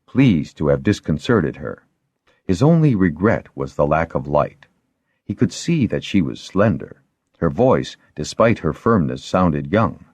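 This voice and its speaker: A man reads an audiobook in a deep voice with a lively, rising and falling delivery. His storytelling is expressive and even. The recording is dry and close, with no room echo. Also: slightly rough. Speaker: audiobook narrator. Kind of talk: scripted narration.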